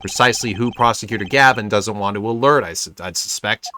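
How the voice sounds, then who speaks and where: Suave rock star prosecutor, curt and irritable, pitched down by a male streamer. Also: a little fast, bright, forceful tone, a little hiss or hum.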